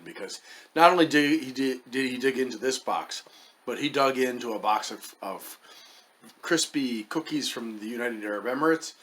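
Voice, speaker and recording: A man's voice: fairly low pitch, a bit bright, slight background noise. A man casually reviewing chocolates as the host of his own channel, wry and hesitant, muttering as he tastes. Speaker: food reviewer.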